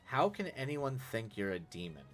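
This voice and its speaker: A man's voice: mid-range voice, big pitch swings, normal speed, soft background music, pitched above the performer's own voice. A man reading as a bitter, defensive young woman. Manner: sharp, bitter, scoffing.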